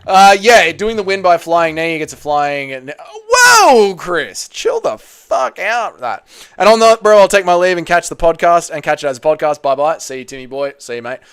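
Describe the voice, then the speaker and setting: A man's voice: on the high side, fast talker, few pauses, clear, resonant tone, no room sound, clean studio sound. An Australian man hosting a casual livestream, reading viewer comments aloud and bantering bluntly with plenty of swearing. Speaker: livestream host.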